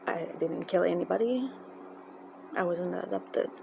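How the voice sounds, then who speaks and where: Woman, gravelly, halting and emotional, noisy recording. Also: on the low side. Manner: emotional, halting, many fillers and restarts. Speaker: fan telling a personal story. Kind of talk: casual storytelling. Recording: noisy background.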